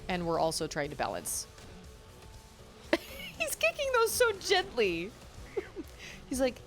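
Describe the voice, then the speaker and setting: A woman's voice: on the high side, huge pitch swings, slow pace, pauses often, fairly bright tone. A woman streaming a video game and chatting casually as she plays, often exclaiming and laughing. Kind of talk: casual let's-play commentary. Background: faint game music.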